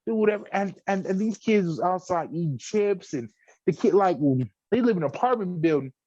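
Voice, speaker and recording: Animated profane man telling a story. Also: high-pitched, fairly quick, no room sound, highs cut off. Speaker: podcast co-host. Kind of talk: casual chat.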